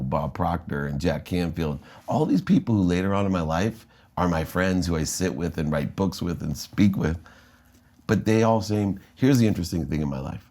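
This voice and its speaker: An American man tells his life story as an interview guest, animated and quick to act out what others said. His voice sits deep and low. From United States. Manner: animated storyteller, acting out quoted dialogue.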